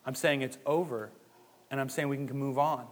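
A man's voice: mid-range voice, steady tone, normal speed. A man preaching a sermon in a casual, conversational way, acting out the inner voices of his listeners. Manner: conversational, rhetorical asides, acts out inner voices. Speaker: pastor. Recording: long hall reverb.

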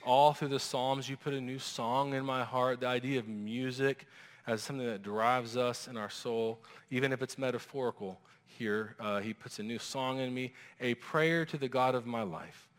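A male pastor delivers a sermon in a lively, animated way, slipping into quoted voices as he goes. His voice sits at an everyday middle pitch. It rings out with the long reverb of a large sanctuary. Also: normal speed.

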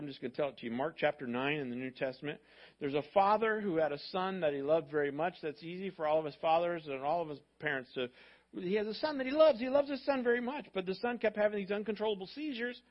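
A man preaching a sermon, telling a story in an animated, conversational way. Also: high-pitched, dull audio. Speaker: pastor.

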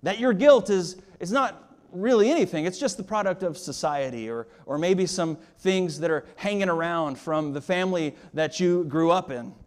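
This pastor's voice sits high, and he preaches at a moderate pace with few pauses. He is emphatic, using rising and falling emphasis and rhetorical questions to push his points, and he often repeats words as he starts a phrase.

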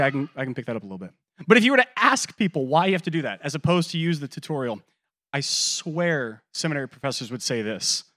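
A man in his thirties delivers a sermon as a pastor. His voice sits in an ordinary middle range. He tells stories with energy and puts on quick voices for the people he quotes, dropping soft and then rising loud again. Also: medium pitch. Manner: animated storytelling with quoted voices, swings between loud and quiet.

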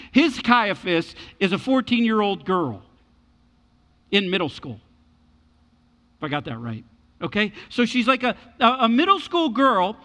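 A man preaching a sermon as pastor, animated and repeating his key words for emphasis. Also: very high-pitched, in a large hall.

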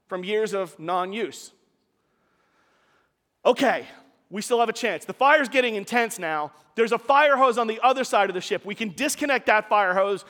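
A man's voice: sits high, sharp tone, big-room sound. A man preaching a sermon, telling a story in a conversational way with casual asides to the congregation.

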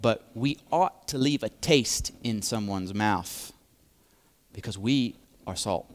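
A man preaching a sermon, speaking deliberately and repeating key phrases for emphasis. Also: lowish voice.

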